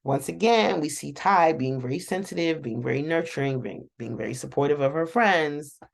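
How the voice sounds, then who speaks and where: A woman's voice: deep voice, normal speed, gravelly. A woman hosting a casual, rambling reaction recap of a TV episode, chatting to viewers and laughing often. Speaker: show reaction host.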